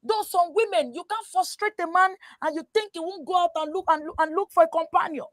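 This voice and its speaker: A woman with a Nigerian accent on a talk show, giving animated, preachy advice, switching into Yoruba and often asking "you understand?". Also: extremely high pitch, fairly quick, no echo, studio quality. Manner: mixes English with Yoruba. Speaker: guest. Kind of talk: casual talk show chat.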